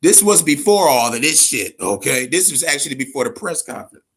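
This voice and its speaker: A man's voice: fairly high pitch, fairly quick, breathy edge. A man hosting a casual boxing talk show, rambling and swearing as he tells fight gossip. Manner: profane, rambling, animated. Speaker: host.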